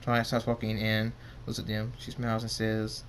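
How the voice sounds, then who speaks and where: A man's voice: lowish voice, completely flat delivery, a little hiss or hum. Man reading a fan story, stumbling. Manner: halting, stumbling and self-correcting. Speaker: narrator.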